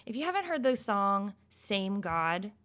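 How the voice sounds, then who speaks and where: A woman giving a casual Christian devotional talk, expressive and emphatic, swinging between loud bursts and soft, quiet stretches. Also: mid-range voice, a little slow.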